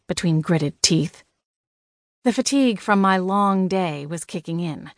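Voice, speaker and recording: A woman narrating a first-person fantasy audiobook in a wry, expressive way. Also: on the low side, unhurried, dry recording, studio quality.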